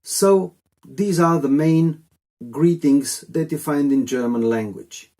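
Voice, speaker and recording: A man's voice: on the high side, takes it slowly, dark tone. A man teaching a casual video lesson in a chatty, rambling way with jokey asides. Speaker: language teacher.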